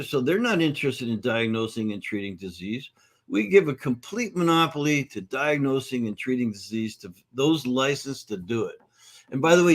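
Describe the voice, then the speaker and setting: A middle-aged man, a nutrition course founder, talking in a conversational interview at a conference event. He is an upbeat, animated storyteller who acts out the voices of the people in his stories. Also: mid-range voice.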